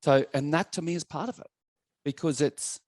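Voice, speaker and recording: A man's voice: a little high, moderate pace, darkish tone, no room sound, clean studio sound. A man in his fifties with an Australian accent, a former police officer and coach, telling blunt, swearing stories as a guest in a casual podcast chat. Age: 50s.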